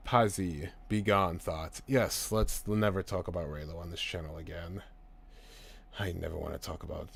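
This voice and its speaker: Young male streamer with a low voice, casual and foul-mouthed, reading comments. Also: vocal fry. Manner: profane, rambling, animated ranting. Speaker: streamer reading live chat. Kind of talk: casual live stream chat.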